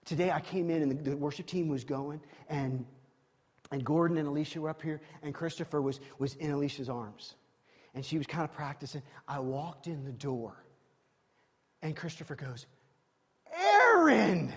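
High-voiced husky preacher man in a hall. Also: normal speed. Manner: emphatic, swings from loud exclamations to quiet asides. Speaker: pastor. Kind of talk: sermon. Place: church sanctuary. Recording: long reverb of a large hall.

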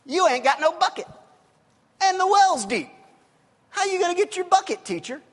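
A man's voice: very high-pitched, very animated, moderate pace, pushed and bright, in a large hall, voice pushed up, exaggerated voice. A male preacher voicing a sassy, defiant woman who mocks and picks a fight, in a raised voice. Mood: sassy, mocking.

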